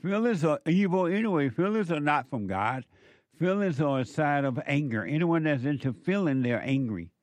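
A man with a slightly high voice hosts a call-in radio show from a dry, close studio mic. He is blunt, laughs often at his callers, and lectures them without softening his words. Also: animated, normal speed, no echo. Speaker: radio talk show host.

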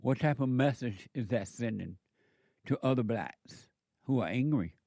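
A male talk-radio host with a mid-pitched voice who lectures in an emphatic, preachy way. He often repeats his phrases for effect. He sits close to the mic in a dead-dry studio. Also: a little slow, vocal fry, mellow, no echo.

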